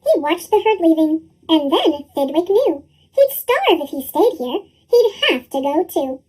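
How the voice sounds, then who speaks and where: A squeaky, chipmunk-shifted voice reads a rhyming picture book in a bouncy sing-song. The pitch sits extremely high, and it leaps up and down through every line. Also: very animated, a little slow, a little mellow. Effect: sped-up chipmunk pitch shift. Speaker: storyteller.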